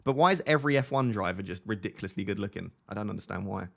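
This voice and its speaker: A man's voice: on the low side, animated, very fast, vocal fry, a bit bright. Self-mocking man with a light Essex accent. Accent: light Essex English. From Essex, England. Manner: chatty, self-mocking, laughs often. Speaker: streamer answering chat. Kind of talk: casual live-stream chat.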